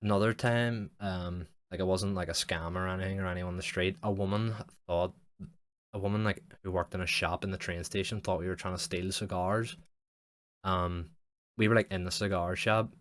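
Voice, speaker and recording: Low-voiced sweary guy. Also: fairly even intonation, normal speed, fairly bright tone. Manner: rambling, sweary, heavy use of "like". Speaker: podcast host. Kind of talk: casual storytelling monologue.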